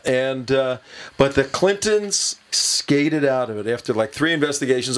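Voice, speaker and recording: A man's voice: mid-range voice, a little slow, clean tone. A man hosting a political talk radio show, telling a long rambling story with many fillers and chuckles.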